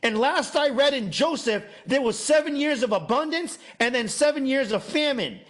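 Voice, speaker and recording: High-voiced man preaching a fast pitch. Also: animated, a bit bright. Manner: emphatic, repetitive, sermon-like, mimics doubters. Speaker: host, off-grid masterclass presenter. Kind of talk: energetic sales pitch mixed with preaching.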